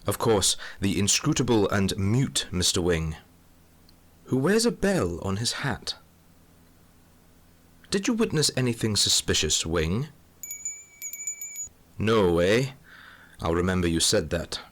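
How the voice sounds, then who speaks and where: A man's voice: on the low side, sing-song, takes it slowly, pauses often, a bit bright, exaggerated voice. A man playing a dry, melodramatic police inspector who narrates a comic mystery audio drama. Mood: wry. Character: hard-boiled Scotland Yard police inspector, middle-aged man.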